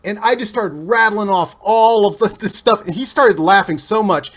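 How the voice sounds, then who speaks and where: Animated, rambling man telling stories. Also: sits high, normal speed. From Cincinnati, USA. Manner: animated, rambling with restarts and laughs. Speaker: guest. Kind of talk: casual storytelling interview.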